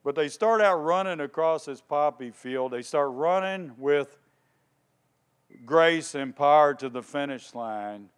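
Preacher with a smooth, resonant voice. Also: male voice, on the high side, a little slow. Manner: storytelling, lively, asks the congregation questions. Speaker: pastor. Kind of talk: sermon.

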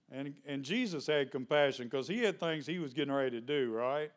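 A man's voice: medium pitch, a little fast, hardly any pauses. A male pastor, preaching a sermon in a conversational way, full of questions to the congregation.

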